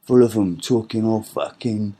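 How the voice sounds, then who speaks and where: A man's voice: sits low, fairly even intonation, measured pace, darkish tone. A middle-aged man ranting angrily in a rambling, profane monologue, full of restarts and repeats. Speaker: podcast host.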